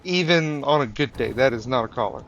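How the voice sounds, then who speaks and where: A man's voice: medium pitch, lively intonation, a little fast, fairly bright tone, muffled recording, a little hiss or hum. Joking man streaming a game. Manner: joking, teasing chat, mock British phrases. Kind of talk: casual live gameplay commentary.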